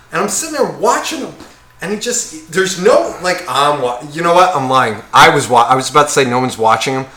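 A man, ranting in a casual podcast chat and swearing freely as he acts out other people. His voice is fairly high, bright and very lively in pitch. The room around him sounds echoey. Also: slight background noise. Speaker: podcast co-host.

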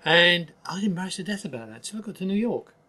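Husky older Cockney man, blunt. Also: sits high, very animated, quick pace, sharp tone. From East London, England. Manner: emphatic, blunt, frequent restarts. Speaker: guest. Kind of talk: candid interview talk.

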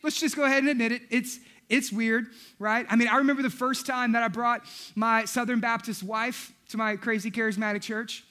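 A male pastor delivering a lively, humorous sermon, telling stories, acting out quotes and raising his voice for emphasis. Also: extremely high pitch, fairly quick. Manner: storytelling, acts out quotes, shouts for emphasis. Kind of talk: energetic comedic sermon.

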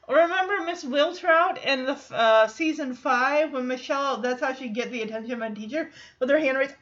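A woman's voice: high-pitched, moderate pace, a bit bright. A young woman from Michigan chatting casually through an episode, laughing often and acting out the characters' lines. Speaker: show reaction vlogger. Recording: dull lo-fi recording.

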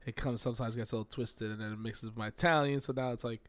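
A man with a New York accent touched by a Southern twang, chatting casually as a guest musician on a podcast, laid-back and quick to laugh. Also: medium pitch, steady tone, no echo. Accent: New York with a slight Southern twang. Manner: laid-back, laughs often, loose slang.

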